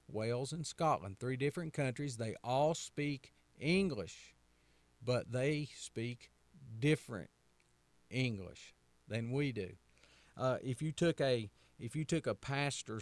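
A man's voice: medium pitch, no echo. A man from North Carolina with a Southern American accent, a pastor hosting a radio talk in a folksy way, repeating phrases and asking rhetorical questions.

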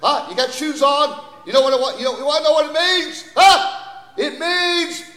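With a very high-pitched voice and a fast delivery, a man preaches to his congregation, stressing scripture, calling for amens and climbing to shouts. A long reverb tail trails his words.

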